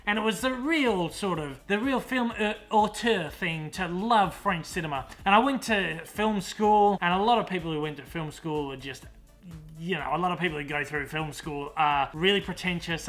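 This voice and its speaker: A young man with an Australian accent talks casually and eagerly, gushing with real enthusiasm. His voice sits high for a man and has a bright, sharp edge. He is chatty and a little self-deprecating. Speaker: vlogger showing his Blu-ray collection. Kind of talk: casual chat.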